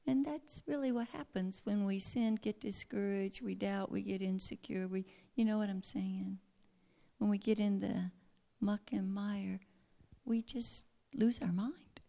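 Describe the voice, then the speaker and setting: A woman preaching a sermon earnestly, often dropping to a hushed near-whisper. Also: medium pitch, steady tone, a little slow, gravelly.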